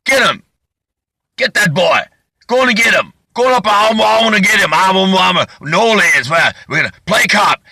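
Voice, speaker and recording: A man's voice: high voice, expressive, normal speed, vocal fry, bright, forceful tone, dry recording, voice pushed up, exaggerated voice. A man doing a whooping hollering action-star cop. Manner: hollering, frantic.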